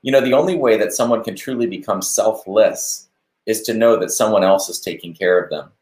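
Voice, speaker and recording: A man hosting a live stream, giving a relaxed devotional talk on a verse and chatting to viewers as they comment. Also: on the low side, brisk, reverberant. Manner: conversational, warm-hearted preaching with asides to viewers.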